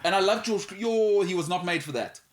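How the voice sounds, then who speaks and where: A man's voice: high-pitched, brisk. A man co-hosting, chatting casually and poking fun at himself. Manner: joking, self-mocking banter. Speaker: co-host. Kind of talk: casual chat.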